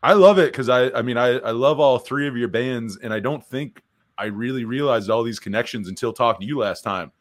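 A man's voice: medium pitch, a little fast, no room sound. A man hosting a casual music podcast, loose and swearing, often restarting his questions. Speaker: podcast host.

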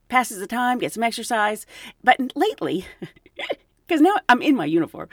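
A woman's voice: on the low side, no echo, clean studio sound. A middle-aged woman, a flight attendant, telling stories in a casual chat and acting out the people she quotes. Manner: animated, acts out quoted voices.

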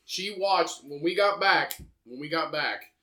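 A man's voice: a little high, a little slow, sharp tone. A young man co-hosting a podcast, talking bluntly and profanely in casual chat. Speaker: podcast co-host.

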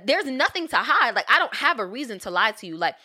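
Animated, bright-voiced young woman telling a story. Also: fast talker. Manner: animated, profane, acts out quotes with big pitch jumps. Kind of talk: casual storytelling chat.

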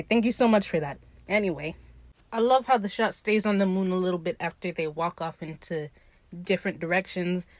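Excited woman gushing over a show. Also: mid-range voice, no echo. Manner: animated, gushing and swearing, acts out the characters' lines. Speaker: podcast host recapping a TV episode. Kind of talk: casual solo commentary.

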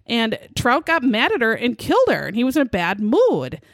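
A woman recounts an old case on her podcast in a loose, profane, chatty way. Her voice sits fairly high and swings widely in pitch, and the recording is dry and close. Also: moderate pace, dry recording. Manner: animated, profane, conversational. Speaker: podcast host. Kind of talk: casual true-crime storytelling.

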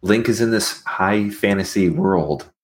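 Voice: sits low, unhurried, a little hiss or hum. A podcast co-host ranting in exasperation, swearing heavily. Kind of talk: casual podcast chat.

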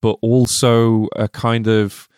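A man's voice: mid-range voice, flat delivery, takes it slowly, a little mellow, clear, resonant tone, no echo, clean studio sound. A man co-hosting a film podcast, playful and jokey, often laughing as he talks. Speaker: podcast co-host. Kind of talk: casual film discussion.

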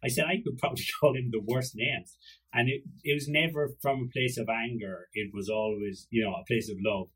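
A man's voice: medium pitch, fairly even intonation, brisk, a bit bright, breathy edge, poor audio. A man with an Irish accent hosting a podcast, rambling through joking stories about his dog, swearing and acting out little voices. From Ireland. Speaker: podcast host. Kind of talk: casual solo podcast monologue.

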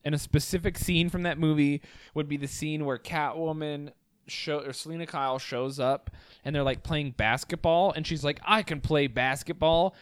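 A man's voice: fairly high pitch, fairly even intonation, normal speed, clear, resonant tone, no echo. A young man co-hosting a podcast in casual chat, laid-back and jokey, often trailing off mid-sentence. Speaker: podcast co-host.

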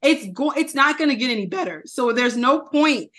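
A woman chatting casually on a podcast and reacting expressively. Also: sits high. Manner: expressive, quick to laugh along. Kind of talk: casual chat.

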